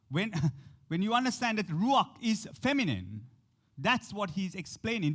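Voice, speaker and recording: Male pastor, lively sermon delivery, slightly high voice with a very wide pitch range, voices the characters he quotes. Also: normal speed. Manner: animated, acts out the quotes in shifting voices; speaks to the congregation directly, with frequent questions.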